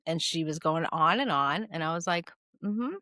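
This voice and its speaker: A podcast co-host tells stories in casual chat, animatedly acting out the voices of the people she quotes. She has a low-pitched voice and a moderate pace, in clean studio sound with no room ambience.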